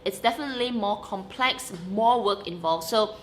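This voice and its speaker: Speaking at normal speed in a mid-range voice, a young vlogger chats animatedly to camera against slight background noise. She laughs often, speaks emphatically, and punctuates her points with "okay?".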